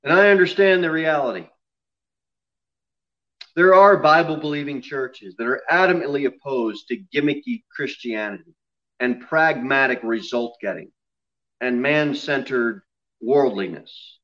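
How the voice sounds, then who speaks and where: A man preaching an expository sermon in a church, dropping low and quiet on solemn lines and rising loud on emphasis. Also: measured pace, muffled recording. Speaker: pastor. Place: church sanctuary.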